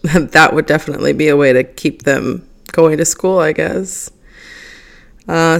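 A young woman hosting a podcast alone, chatting casually and reading forum posts aloud, animated and laughing often. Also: on the low side. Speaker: podcast host.

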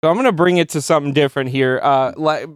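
A man with a slightly high voice tells a crude story on a podcast, lively and laughing, his pitch jumping up at the punchlines. The sound is dry and close. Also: quick pace, clear, resonant tone, no room sound. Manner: animated storyteller, laughs and jumps high when telling a funny story. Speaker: podcast co-host. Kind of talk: casual chat.

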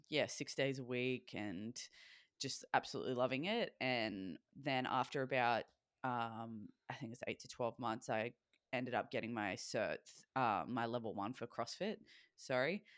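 A low-pitched woman in her twenties chatting on a podcast. She tells her stories with lots of energy, acts out what people said, and swears casually. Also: moderate pace, no room sound, clean studio sound. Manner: animated storyteller, swears freely, acts out quotes. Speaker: podcast co-host. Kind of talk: casual chat.

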